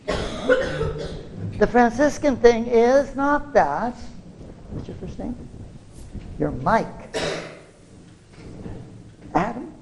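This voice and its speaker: Lecturer, gravelly voice, animated, quizzes listeners with jokey asides. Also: mid-range voice, a little slow, long pauses, low-quality recording. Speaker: scholar lecturing to a class. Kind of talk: lively classroom lecture.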